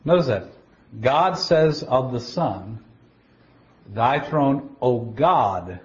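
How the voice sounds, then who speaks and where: A man preaching a Bible teaching, explaining scripture step by step in a deliberate way, often stopping to restart a word. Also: medium pitch, animated. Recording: dull lo-fi recording.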